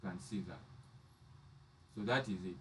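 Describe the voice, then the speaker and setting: A man's voice: low voice, normal speed, a bit bright, distant mic, a little hiss or hum. A man teaching trading charts step by step, often repeating and restarting his phrases. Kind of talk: live chart lesson.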